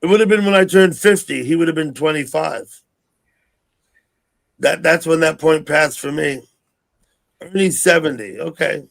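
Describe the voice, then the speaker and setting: A sixty-year-old man hosting a casual livestream chat, rambling and thinking out loud. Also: on the high side, normal speed, vocal fry, pauses often. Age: 60s. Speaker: livestream host.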